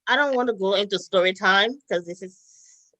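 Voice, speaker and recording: A young woman chatting as a guest, telling stories in a lively way and laughing often. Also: mid-range voice, normal speed, no echo, dull audio. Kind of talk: casual chat.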